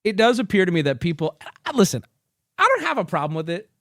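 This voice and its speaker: A man's voice: high-pitched, big pitch swings, fast talker, no room sound, studio quality. A male streamer doing profane reaction commentary, ranting in disbelief. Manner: incredulous ranting, swings up loud.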